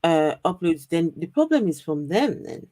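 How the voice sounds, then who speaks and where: A woman co-hosting a live stream, chatting casually with an animated, incredulous manner and frequent laughter. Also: fairly low pitch, moderate pace, dry recording, clean studio sound. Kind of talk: casual chat reacting to a video. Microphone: streaming microphone.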